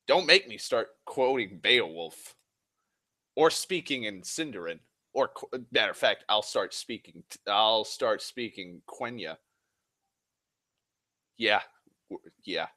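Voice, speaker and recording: A man's voice: lowish voice, lively intonation, slow, long pauses, bright, forceful tone, no echo. A man from Massachusetts rambling casually on a stream, profane and self-mocking, a little tipsy on whiskey. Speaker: livestream host.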